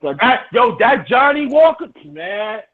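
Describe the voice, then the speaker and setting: A man's voice: extremely high pitch, sing-song, measured pace. A middle-aged man telling a rowdy, profane story in casual chat, full of restarts. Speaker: storyteller in a hangout. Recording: tinny, phone-like lo-fi sound.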